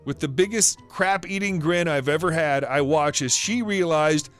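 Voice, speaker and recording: A man reads a scripted first-person story in a somewhat high voice, with a wry, amused, dryly sarcastic edge. Faint music runs underneath. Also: unhurried, a bit bright. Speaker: story narrator.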